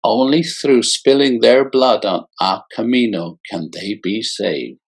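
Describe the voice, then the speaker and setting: A man doing a purring fanatical Delta mother. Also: fairly low pitch. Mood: sinister. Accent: Mississippi Delta. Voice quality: raw raspy purr. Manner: slow, sinister, preaching.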